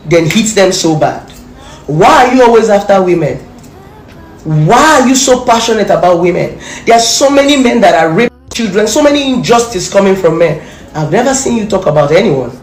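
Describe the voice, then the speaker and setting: A woman's voice: on the low side, a little mellow, echoey room, slight background noise. A Nigerian woman delivering a confrontational, scolding rant straight at someone, repeating her insults for emphasis. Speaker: social media commentator. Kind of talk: angry direct-to-camera rant.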